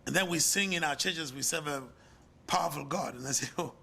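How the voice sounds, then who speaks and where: A man's voice: a little fast, vocal fry, pushed and bright, husky. An older man with a South African accent giving a conference lecture with a preacher's rhetorical, emphatic cadence. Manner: rhetorical, emphatic, swings in pitch and volume. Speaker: conference speaker, pastor. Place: lecture hall.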